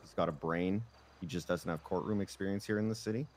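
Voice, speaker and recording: A man's voice: low-pitched, fast, darkish tone, a little hiss or hum. A man talking in character over voice chat, casually explaining legal steps one by one.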